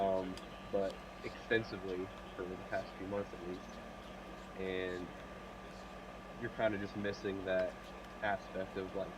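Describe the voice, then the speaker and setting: Male co-host, lowish voice and nasal with a cold. Rambling and casual. Noisy track. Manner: rambling, thinks aloud with fillers. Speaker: podcast co-host. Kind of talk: casual mock draft chat.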